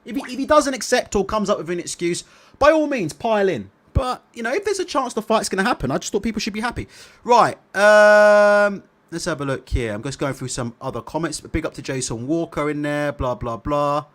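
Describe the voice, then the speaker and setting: A man hosting a casual livestream, reading viewer comments aloud and chatting about them in an animated way. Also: sits high, fairly quick. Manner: animated, repeats tag questions. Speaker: boxing livestream host.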